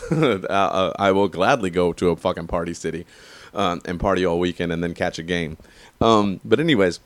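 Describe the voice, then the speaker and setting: A man in his thirties ranting casually about sports and age, profane and rambling, getting animated when riled. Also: sits low, normal speed, no room sound. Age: 30s. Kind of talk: casual rant.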